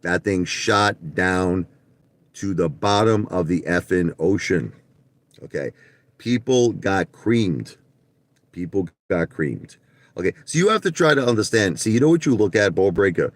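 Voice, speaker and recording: Brash, profane New guy with a low voice ranting on a home livestream; dry, close sound. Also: animated, a little slow, no echo. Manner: brash, profane, repeats himself. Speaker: livestream host on stock trading. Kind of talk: casual livestream rant.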